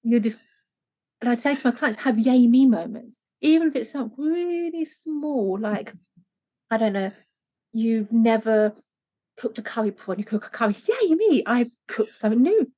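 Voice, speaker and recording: Woman coach on a podcast, earnest, kinda high mellow voice, muffled audio. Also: moderate pace. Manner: earnest, animated when quoting. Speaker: life coach guest. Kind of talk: conversational interview. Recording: dull lo-fi sound.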